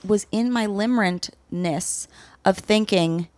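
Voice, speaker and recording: A woman's voice: medium pitch, slow pace, no room sound. A woman comedian guesting on a podcast, chatting casually and acting out quoted lines as she tells stories. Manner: animated storytelling, acts out quoted lines. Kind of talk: casual chat.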